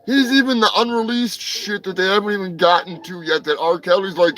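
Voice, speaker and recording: A high, bright male voice tears through crude comedy news commentary with profane rambling. He breaks into sudden shouts, with faint music behind him. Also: fairly even intonation, brisk, hardly any pauses, poor audio. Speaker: host.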